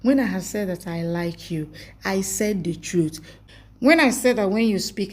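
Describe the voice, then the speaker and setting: A woman's voice: medium pitch, animated, a little slow, darkish tone. A woman reading a scripted recap of a TV series episode, with a plain reading of the dialogue as reported speech.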